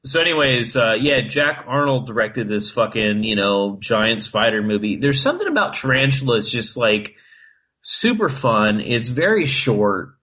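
A man co-hosts a podcast of loose, casual chat, swearing heavily and peppering his speech with "like." His medium-pitched voice is bright, husky and forceful, and he is very animated at a moderate pace. The audio quality is poor.

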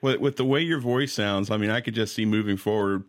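Male interviewer with a fairly low voice, keen and enthusiastic. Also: brisk. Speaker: interviewer host. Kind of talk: interview questions.

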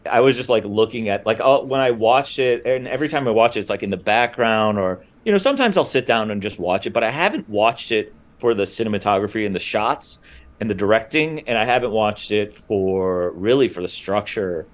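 A man's voice: fairly low pitch, expressive, fairly quick. A man guesting on a podcast, chatting casually and enthusiastically with lots of filler words, his thoughts running on. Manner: rambling, enthusiastic, many "like" fillers. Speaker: guest, writer and comedian.

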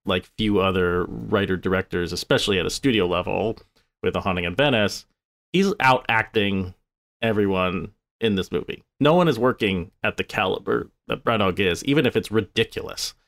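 A man with a low, gravelly voice talks films on a podcast. He is lively and jokey, leaning into his points with energy. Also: moderate pace. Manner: animated, jokey, drops into a mock accent. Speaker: podcast co-host, film critic. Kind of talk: casual film chat.

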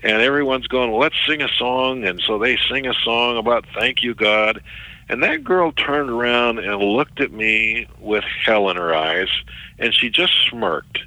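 A middle-aged man, a ministry worker, recounting a story as an interview guest in a halting way, often repeating words. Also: mid-range voice, bright, forceful tone, dry recording, rough recording.

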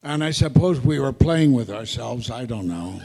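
Gravelly older man in an echoey hall. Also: medium pitch, animated, moderate pace, darkish tone, a little hiss or hum. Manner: rambling, self-interrupting anecdotes with wry asides. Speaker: guest speaker. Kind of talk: storytelling Q&A before an audience. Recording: echoey hall, live audience talk.

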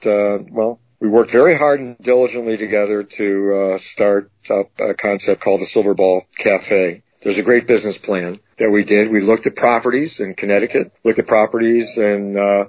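Deep-voiced man, measured and wordy. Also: fairly even intonation, a little mellow, no echo, highs cut off. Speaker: podcast guest. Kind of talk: casual conversation.

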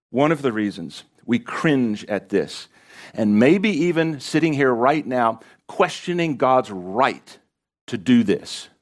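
A man preaching a sermon to a congregation in a church, impassioned and pressing rhetorical questions on his listeners. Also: medium pitch. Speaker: pastor.

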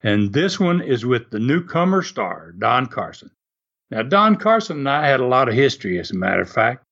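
An older man, a former wrestler telling animated stories in an interview and laughing often. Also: medium pitch, moderate pace, lo-fi sound. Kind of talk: storytelling interview.

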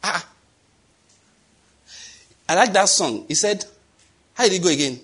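Husky, high-voiced Nigerian pastor. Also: male voice, lively intonation, unhurried, a bit bright. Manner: storytelling, acting out dialogue, laughing at own jokes. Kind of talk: sermon.

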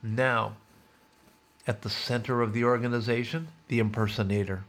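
A man's voice: medium pitch, steady tone, normal speed, fairly bright tone. A man hosting a podcast, reading a news story aloud and breaking off for wry, sardonic asides. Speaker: podcast host.

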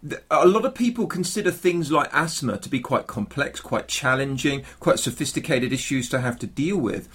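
A man hosting a podcast interview who speaks hesitantly, with many pauses and restarts as he praises his guest. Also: mid-range voice, lively intonation, a bit bright, slightly rough. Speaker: podcast host. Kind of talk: interview conversation.

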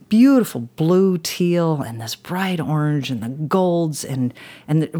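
A woman's voice: low voice, darkish tone, husky. A woman telling a personal story as a podcast guest. She talks in an earnest, rambling way with many "you know" asides. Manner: emotional, intense when recalling the crash.

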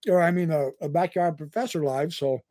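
A man's voice: a little high, steady tone, a little fast, a little mellow, no echo, clean studio sound. A man hosting a live podcast. He is eating while he talks and jokes at his own expense as he reads viewer topic requests. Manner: jokey, self-mocking, talks with his mouth full. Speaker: podcast host.

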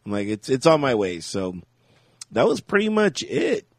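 A man's voice: mid-range voice, huge pitch swings, moderate pace, dry recording, clean studio sound. A man co-hosting a podcast, telling a rambling story in casual chat and laughing often. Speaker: podcast co-host.

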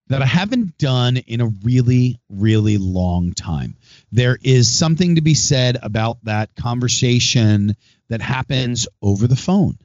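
A man's voice: mid-range voice, a little mellow, no room sound, muffled recording. A middle-aged man and restaurant owner hosting a show, talking in a chatty, rambling way. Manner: chatty, rambling, acts out phone calls. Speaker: podcast host and restaurant owner. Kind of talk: casual monologue.

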